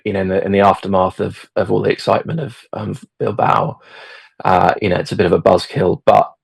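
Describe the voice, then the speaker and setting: A middle-aged football fan appears as a podcast guest, telling a story in a relaxed, meandering way. His low, gravelly voice has a husky edge and moves fairly quickly, though he hesitates with many fillers and restarts. The recording is close and dry, with no room sound.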